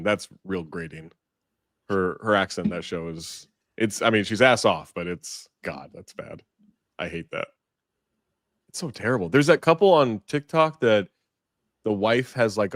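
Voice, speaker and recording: A man's voice: sits low, no room sound, studio quality. A man co-hosting a podcast, chatting casually in a joking, rambling, self-deprecating way. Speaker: podcast co-host. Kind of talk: casual chat.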